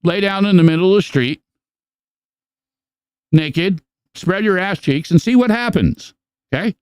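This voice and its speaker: A man hosting a podcast in casual chat, rambling and profane, with animated storytelling. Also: high-pitched, measured pace, clear, resonant tone, no echo. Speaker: podcast host.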